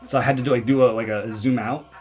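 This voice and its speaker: A man's voice: medium pitch, fairly even intonation, fast talker, a little mellow, slightly rough, soft background music. A young man from Canada giving casual commentary over his own old video, rambling and poking fun at himself, with many fillers and restarts.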